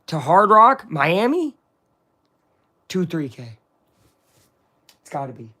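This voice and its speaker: A man hosting a casual live watch-along of a football game, excitable and swinging between hype and grumbling. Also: on the high side, slow, pauses often. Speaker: live-stream sports watch-along host.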